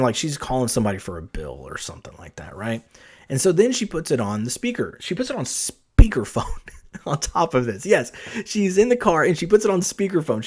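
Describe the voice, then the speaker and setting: A man hosting his own podcast, telling a story casually, rambling with lots of restarts and filler words. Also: fairly high pitch. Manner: rambling, full of "like" and "you know", many restarts, animated. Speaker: podcast host.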